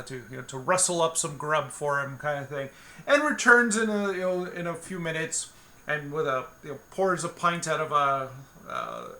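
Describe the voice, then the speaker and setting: A man's voice: on the high side, sharp tone. A man narrating a solo tabletop game, meandering with many fillers and restarts as he thinks aloud.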